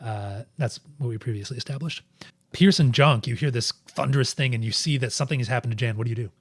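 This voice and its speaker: A man's voice: mid-range voice, quick pace, dry recording, studio quality. A man narrating as game master in a tabletop game, rambling and searching for words.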